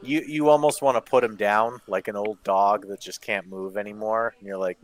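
Lower-voiced man in a dry close mic. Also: fairly even intonation, normal speed, few pauses, dry recording. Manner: rambling, mocking. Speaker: podcast co-host. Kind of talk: casual wrestling review chat.

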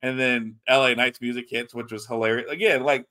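A man's voice: medium pitch, steady tone, brisk, pushed and bright. A man hosting a podcast, casually recapping a show in a rambling, laid-back way with lots of fillers and swearing. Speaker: podcast host reviewing a wrestling show.

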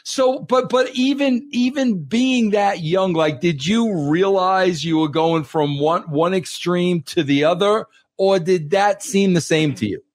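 A man's voice: sits high, measured pace, few pauses. A man hosting an interview, enthusiastic and full of stammering restarts. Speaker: interview host. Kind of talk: casual interview chat.

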